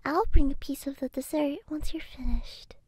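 A woman voicing a devoted young female android housekeeper in a soft, deferential whispered role-play. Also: sits high, normal speed, no echo, close to an everyday voice. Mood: doting.

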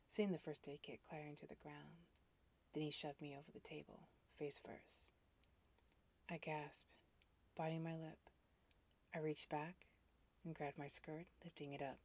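Low, breathy woman reading intimately. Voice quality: breathy, often sliding into whisper. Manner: intimate, hushed delivery with sudden loud outbursts. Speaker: audio story narrator. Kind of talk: first-person erotic story reading.

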